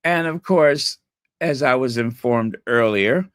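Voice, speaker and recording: A man's voice: medium pitch, slow pace, smooth, dry recording, clean studio sound. A man hosting a live stream, chatting in a rambling, playful way and repeating words over and over as he tries out how to say them. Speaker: channel host.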